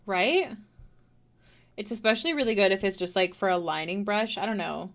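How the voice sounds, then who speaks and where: A woman's voice: mid-range voice, moderate pace. A young Canadian woman talks casually to her stream while she draws, half to herself. Her chat rambles and drifts, and giggles break in often. The sound is close and clean, from a desk mic at home. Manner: rambling, self-talking, giggly.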